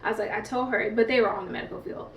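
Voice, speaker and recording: A woman's voice: a little high, fairly even intonation, rapid-fire, far from the mic, a little hiss or hum. A woman vlogger telling a personal story in a chatty, casual way, peppered with fillers. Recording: roomy, set back from the mic.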